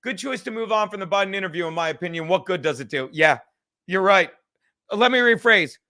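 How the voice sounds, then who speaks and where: Speaking briskly in a high voice, this podcast host chats casually on a livestream, telling profane, rambling, animated stories between viewer messages he reads out.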